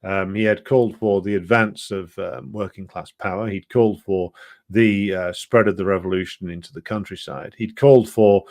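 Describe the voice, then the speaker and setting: A man presenting a political history programme, talking it through unscripted in an earnest, lecturing way, halting often with ums and restarts. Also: low-pitched, steady tone, a little mellow, no echo. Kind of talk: unscripted explanatory talk.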